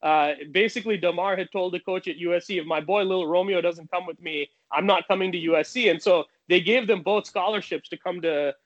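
A man tells a long personal story in a casual, animated way, often restarting his sentences. His voice sits a little high, and the sound is dull and lo-fi. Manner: animated, fast anecdotes with many restarts.

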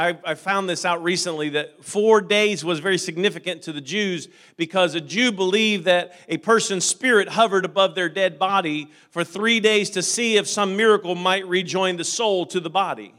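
A man with a high voice preaching to a congregation. He tells stories quietly, stumbling and repeating words, then rises to loud, fervent calls. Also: normal speed. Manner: repeats words and restarts often while telling stories. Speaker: pastor. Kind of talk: sermon.

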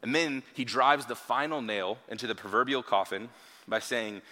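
Bright-voiced male pastor in a hall. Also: mid-range voice, normal speed. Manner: conversational, with frequent rhetorical "right?" asides. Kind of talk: sermon. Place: church hall.

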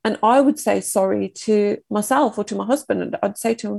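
A woman in her thirties, a podcast guest, recounting a painful personal story in a halting, emotional, reflective way. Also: mid-range voice, creaky, a little mellow, husky, no echo.

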